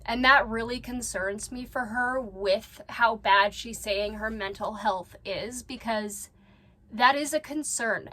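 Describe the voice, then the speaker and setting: Blunt, high-voiced woman reacting. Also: a bit bright. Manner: blunt, swears freely, talks straight to the person on screen. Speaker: reaction vlogger. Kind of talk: casual reaction commentary.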